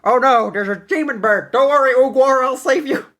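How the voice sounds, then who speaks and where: A man doing a squeaky goofy bard. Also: normal speed, fairly bright tone. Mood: panicked heroic. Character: cheerful homeless bard man, eager and goofy.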